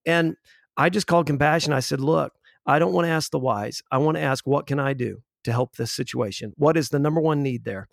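Male guest in his forties, gravelly voice, dry close sound, earnest storyteller who restarts his sentences. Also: on the high side, fairly quick, no echo. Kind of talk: conversational storytelling.

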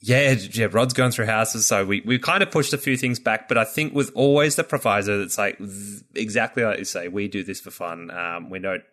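A man's voice: on the low side, normal speed, hardly any pauses, fairly bright tone. A man hosting a podcast, chatting casually and rambling with lots of fillers. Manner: rambling, filler-heavy, upbeat. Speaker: podcast host.

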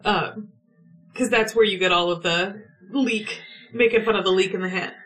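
A woman in a casual chat, playful and quick to laugh and tease. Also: medium pitch, a bit bright, soft background music. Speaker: podcast co-host.

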